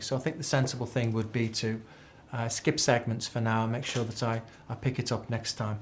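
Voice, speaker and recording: A man's voice: medium pitch, steady tone, fairly quick, few pauses, a little hiss or hum. A man teaching an accounting exam class, chatty and repeating key phrases as a drill. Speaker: accounting tutor. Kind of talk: live exam tuition lecture.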